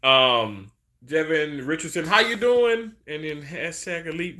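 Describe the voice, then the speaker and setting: A man's voice: on the high side, lively intonation, a little slow, sharp tone. A man chatting casually on a live stream, rambling about food and greeting viewers by name.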